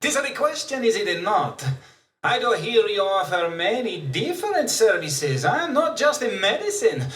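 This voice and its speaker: An actor voicing a sly, flamboyant Italian gentleman in a game, with a put-on Italian accent and a knowing, insinuating way of talking. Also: mid-range voice, very animated, measured pace, echoey room, far from the mic. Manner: sly, insinuating, tags lines with "huh?" and "see?".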